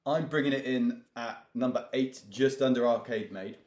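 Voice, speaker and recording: A man's voice: medium pitch, normal speed, darkish tone. A man co-hosting a casual chat, with dry, teasing remarks. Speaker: co-host. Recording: roomy echo, faint noise.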